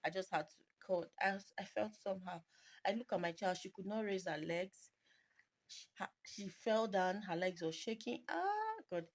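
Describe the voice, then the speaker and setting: A woman's voice: medium pitch, lively intonation, moderate pace. A young Nigerian woman, a mother vlogging, telling an emotional, rambling story to her viewers in English mixed with Pidgin. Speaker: mommy vlogger. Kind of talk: personal storytelling to camera. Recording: noisy home video recording.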